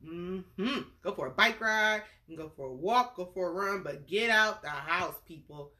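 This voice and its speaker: A woman's voice: lowish voice, lively intonation, normal speed, pushed and bright. A woman reading a bedtime story aloud, chatting playfully with young listeners between the lines. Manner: playful character voices for the story's figures.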